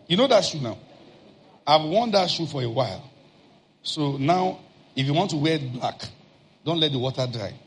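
A man preaching, telling a personal story in an animated way and acting out shouted outbursts. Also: on the high side.

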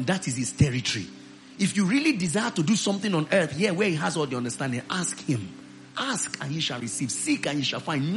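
A male pastor preaching a sermon to his church, rising into loud shouted declarations of prayer. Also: a little high.

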